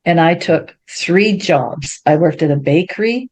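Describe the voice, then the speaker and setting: A woman, sitting as a guest in an interview. She tells her story with energy and often jumps into the voices of the people in it. Her speaking voice sits a little lower than most women's. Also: unhurried, husky. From Ontario, Canada. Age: 70s. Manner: animated, acts out quoted speech in a raised voice.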